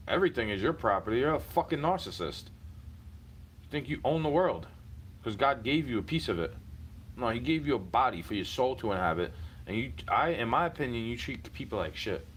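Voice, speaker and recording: A man's voice: lowish voice, a bit bright, slight background noise. A man venting in a heated, profane monologue, repeating himself and circling back to the same points.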